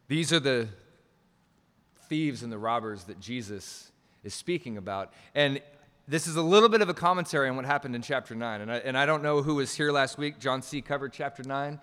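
A man's voice: mid-range voice, brisk, fairly bright tone, clean tone, big-room sound. A male pastor preaching a sermon, emphatic, pushing key phrases up and restarting mid-sentence.

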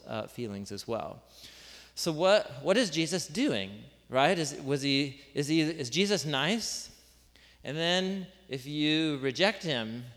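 A man gives a sermon from the front of a large room, talking like he is chatting with friends. He keeps tossing out rhetorical questions and pokes fun at his own jokes. His voice sits at an ordinary middle pitch and rings out with the long reverb of a big hall. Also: a bit bright. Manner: conversational, informal, full of asides and rhetorical questions; self-deprecating jokes. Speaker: pastor. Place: large room with a live congregation.

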